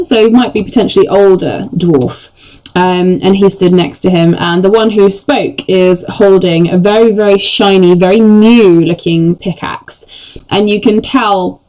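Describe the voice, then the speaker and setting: Relaxed game master narrating. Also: medium pitch, poor audio. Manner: descriptive, relaxed, with fillers.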